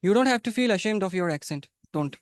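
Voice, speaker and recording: High, clear-voiced man teaching. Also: lively intonation, fast, dry recording, studio quality. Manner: encouraging, repeats phrases, coaching tone. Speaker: English conversation teacher. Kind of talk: live webinar teaching. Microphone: video call.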